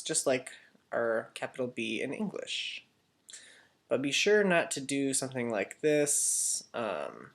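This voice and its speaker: A man teaching a casual lesson for children, chatty and correcting himself as he goes. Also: medium pitch. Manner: chatty, self-correcting, asks kids to repeat.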